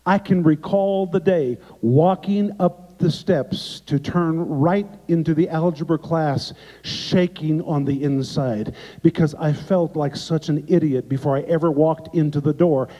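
A man preaching as a guest by video and telling a story dramatically, swinging from emphatic lines down to hushed ones. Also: fairly high pitch, unhurried, few pauses. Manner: dramatic, emphatic, with sharp drops to quiet. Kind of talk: sermon storytelling. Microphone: remote video recording. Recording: echoey, dull lo-fi sound.

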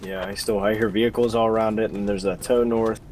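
A man acting as squad leader in a game, giving brisk, flat callouts over voice chat. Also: fairly low pitch, slight background noise.

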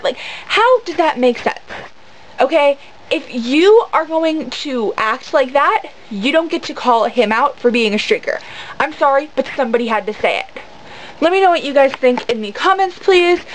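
A woman with a high voice vlogs to camera. She tells her story in a rambling way, with lots of fillers and an indignant edge. A faint hiss runs under the recording. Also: low-quality recording. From United States. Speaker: vlogger. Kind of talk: casual storytelling rant to camera.

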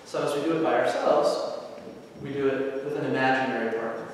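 A man teaching aikido who explains movements calmly and methodically and chants short phrases with each step. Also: medium pitch, normal speed, creaky, a little hiss or hum. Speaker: aikido instructor. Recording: echoey hall, mic far off.

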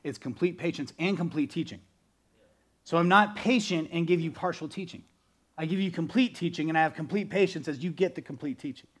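Preaching briskly in a slightly high voice, a pastor delivers an animated sermon. Loud outbursts alternate with quieter, earnest passages.

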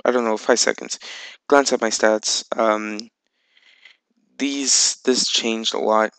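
A man's voice: fairly low pitch, steady tone, takes it slowly, vocal fry, fairly bright tone, smooth, no room sound, low-quality recording. A man hosting a casual video game vlog, rambling with lots of fillers and casual swearing. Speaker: video game channel host. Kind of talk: casual gameplay vlog chat.

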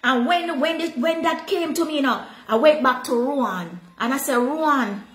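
A Jamaican woman pastor preaching a sermon, slipping into patois with animated delivery. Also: sits high, normal speed, echoey room, poor audio.

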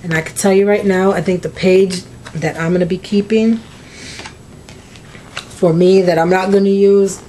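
A woman's voice: medium pitch, steady tone, normal speed, pauses often, warm tone. Woman, emotional, gushing, crafting vlog, faint hum behind. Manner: gushing, emotional, near tears. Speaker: crafting vlogger. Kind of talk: casual mail opening vlog.

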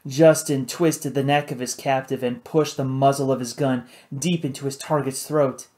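A man reading an adventure novel aloud in steady, measured scripted narration. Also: medium pitch. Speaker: audiobook narrator.

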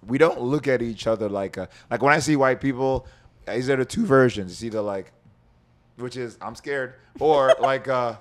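A man's voice: mid-range voice, moderate pace. A man from New York, a podcast guest in casual chat, talking in a laid-back, reflective way and acting out voices in his stories.

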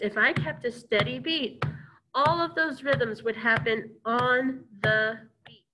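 A woman music teacher leads a recorded lesson with an upbeat, chanting delivery. Her voice sits fairly high and she speaks at an unhurried, deliberate pace. She talks to her pupils as if they were there with her. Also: sharp tone, poor audio.

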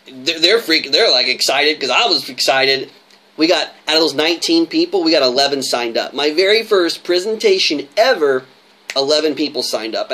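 A man's voice: medium pitch, a bit bright. Emphatic man giving a coaching talk. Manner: emphatic, repetitive, tags lines with "right?". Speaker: network marketing coach.

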